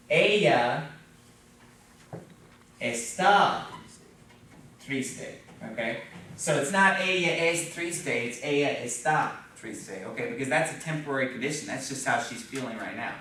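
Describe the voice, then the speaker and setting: A man teaches a class, patient and steady, pausing often to ask the students "okay?" and "right?". His voice sits at an ordinary middle pitch and comes from across the room. The classroom is very echoey, with a faint hum of room noise behind him. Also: recorded from a distance. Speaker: Spanish teacher. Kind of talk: classroom lesson at a whiteboard.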